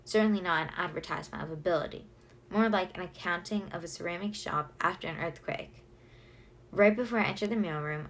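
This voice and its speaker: A woman reads a novel aloud in the first person, expressive and lively. Her voice is on the lower side, with a faint hum of room ambience underneath. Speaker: audiobook reader.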